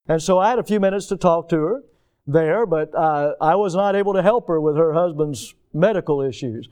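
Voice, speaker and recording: A middle-aged pastor with a Southern accent preaching earnestly, moving between emphatic peaks and hushed low passages, with folksy storytelling asides. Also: male voice, moderate pace, smooth. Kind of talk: sermon.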